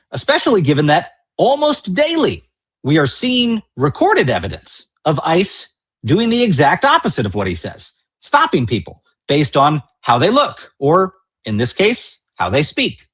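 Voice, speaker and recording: A man anchors a political news show with indignant, emphatic commentary. His voice sits a bit high and swings widely in pitch. There's a husky edge to his tone. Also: a bit bright. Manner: indignant, emphatic, repetitive rhetoric.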